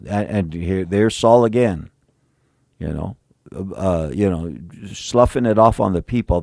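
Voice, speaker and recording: Gravelly preacher with a slangy sermon. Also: male voice, sits low, expressive, a little slow, dry recording, clean studio sound. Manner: conversational with slang, swinging between emphatic and hushed. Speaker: pastor.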